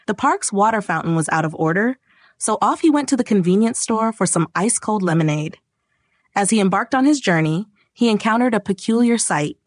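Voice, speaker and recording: A woman narrating a children's storybook in a gentle, expressive storytelling manner. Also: medium pitch, dry recording.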